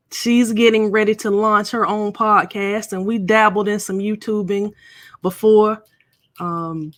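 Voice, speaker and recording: A woman's voice: on the high side, a bit bright, no echo, clean studio sound. A middle-aged woman hosting a casual live stream, chatting and playfully teasing viewers.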